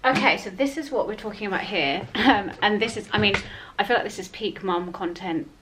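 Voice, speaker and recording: A young woman talking casually to a handheld camera as she goes about her day. Her voice sits at a middle pitch. She is chatty and self-deprecating, with frequent little laughs. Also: fairly quick, background noise. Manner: chatty and self-deprecating, often laughing, with soft baby talk to her son. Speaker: vlogger. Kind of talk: casual vlog chat. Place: home and outdoors in town.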